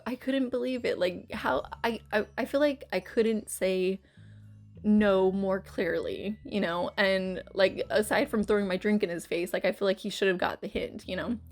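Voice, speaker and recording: A woman's voice: mid-range voice, vocal fry, a little mellow. A woman hosting her channel, rambling through a casual story-time chat with plenty of fillers and restarts. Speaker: YouTube channel host.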